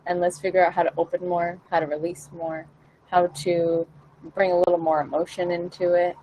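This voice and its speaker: A woman's voice: on the low side, flat delivery, normal speed, muffled recording, slight background noise. A woman vocal coach talking casually to camera, encouraging and acting out the questions singers should ask themselves. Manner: encouraging, acts out her own inner questions.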